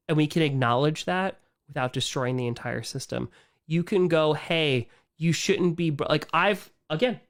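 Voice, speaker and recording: Exasperated and animated, a young man with a slightly high voice rants on a live stream, letting his words trail off and saying things more than once.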